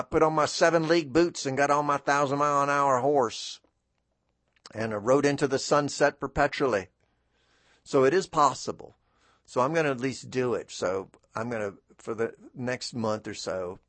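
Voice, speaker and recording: A man's voice: medium pitch, a bit bright, dry recording. A man hosting a radio talk show in a studio, rambling in a chatty, self-deprecating way with many fillers and restarts. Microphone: studio microphone.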